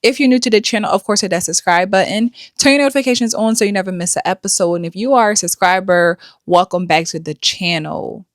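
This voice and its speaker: A woman's voice: medium pitch, quick pace, hardly any pauses, no echo. A middle-aged woman hosting a commentary show, blunt and lecturing. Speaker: host. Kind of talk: commentary vlog.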